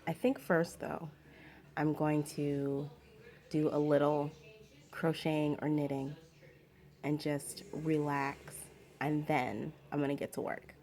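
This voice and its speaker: Low-voiced woman chatting casually. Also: warm tone. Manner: chatty, rambling with fillers. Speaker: vlogger. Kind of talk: casual chat. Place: home.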